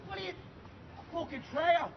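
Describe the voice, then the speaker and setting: A man's voice: extremely high pitch, fairly quick, gravelly, dull audio, a crowd in the background, background noise. An actor playing a swaggering young male gang leader who swears freely and bosses his friends around. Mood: cocky. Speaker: gang member.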